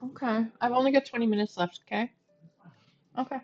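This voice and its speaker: A woman's voice: fairly high pitch, fairly even intonation, a little fast, darkish tone, lo-fi sound, soft background music. A woman streaming a game, chatting and thinking aloud as she plays and talks to her viewers. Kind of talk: live gameplay commentary.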